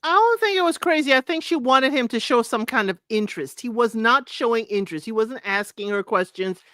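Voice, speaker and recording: Co-host, casual chat, emphatic, drawn-out storytelling, mid pitch, dry close mic. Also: animated, bright, forceful tone, no echo. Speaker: podcast co-host.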